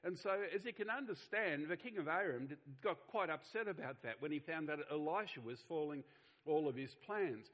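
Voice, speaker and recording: A middle-aged man delivers a sermon in an earnest, conversational style. His voice sits a little higher than most men's, and he often restarts his phrases. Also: lively intonation, a little fast, a bit bright, poor audio. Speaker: pastor.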